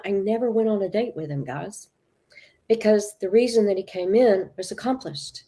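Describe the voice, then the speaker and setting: Emphatic female spiritual teacher with a mellow tone who spins stories. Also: mid-range voice, moderate pace. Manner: emphatic, acts out quoted dialogue. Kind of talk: animated storytelling talk.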